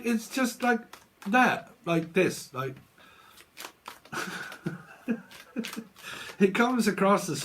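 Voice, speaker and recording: A man's voice: fairly high pitch, husky. A man talking as a tarot reader in a blunt, sweary casual vlog rant, laughing often.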